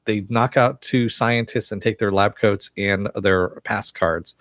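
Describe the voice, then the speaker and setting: Low-voiced man recapping casually. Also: fairly even intonation, measured pace, a bit bright, dry recording. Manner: rambling, many fillers and chuckles. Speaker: TV episode reviewer.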